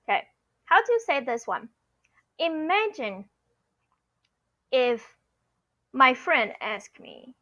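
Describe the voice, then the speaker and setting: Slow-talking teacher woman. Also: high-pitched, sing-song, fairly bright tone, muffled recording. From Taiwan. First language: Mandarin. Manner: patient, explaining step by step with frequent "okay?". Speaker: Mandarin teacher. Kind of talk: online language lesson.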